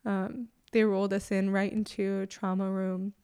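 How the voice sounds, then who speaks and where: A young adult woman, a mother, telling a personal story in an emotional, halting way with many pauses and fillers. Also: mid-range voice, flat delivery, mellow, clean tone.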